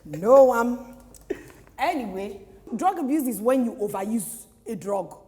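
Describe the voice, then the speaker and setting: A Nigerian woman speaks on a talk panel, firing off teasing questions in casual chat. Her voice sits a bit high, and a long reverb hangs in the room. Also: lively intonation, measured pace, mellow.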